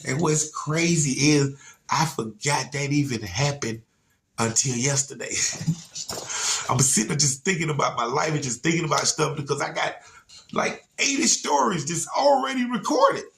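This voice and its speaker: A man's voice: on the high side, lively intonation, normal speed, creaky, fairly bright tone, slight background noise. A man telling a personal story to viewers in a casual, slangy way, repeating words and laughing now and then.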